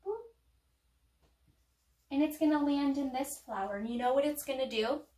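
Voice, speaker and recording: A woman teacher giving a playful, animated lesson to young children, with dramatic pauses. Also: sits high. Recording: echoey room, mic far off.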